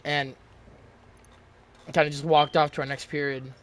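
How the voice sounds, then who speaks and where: A man's voice: a little high, flat delivery, a little slow, a little hiss or hum. A young man in his late teens, telling a story in casual chat, rambling with lots of fillers and restarts.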